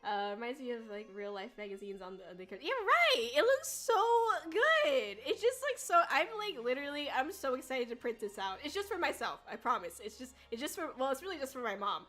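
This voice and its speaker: A young woman chats on her stream in a high, lively voice that leaps up in giggles and squeals. She rambles through her thoughts. Faint music plays behind her. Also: quick pace, few pauses. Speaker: VTuber streamer. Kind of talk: casual livestream chat.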